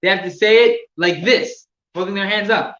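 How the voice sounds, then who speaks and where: A man teaching religious laws to a class, explaining step by step with halting repeats and gestures. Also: high voice, a bit bright. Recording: echoey room, distant mic, dull sound with faint noise.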